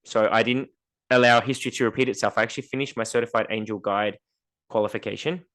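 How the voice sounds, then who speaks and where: A man's voice: fairly low pitch, fast talker. A man co-hosting a podcast in casual chat, telling stories and acting out what other people said in a raised voice. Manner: animated storyteller, acts out dialogue in raised voice. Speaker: podcast co-host.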